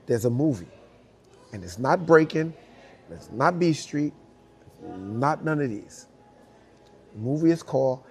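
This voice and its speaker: Man, New York accent, lively storytelling, voices and sound effects, swears, faint music behind. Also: mid-range voice. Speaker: guest, dancer. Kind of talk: animated storytelling.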